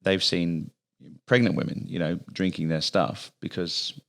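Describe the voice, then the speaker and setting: A man co-hosting a podcast, chatting in an easygoing way and often filling pauses with um. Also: deep voice, steady tone, gravelly, a bit bright. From Australia. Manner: easygoing, with frequent um fillers. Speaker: podcast co-host. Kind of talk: casual podcast chat.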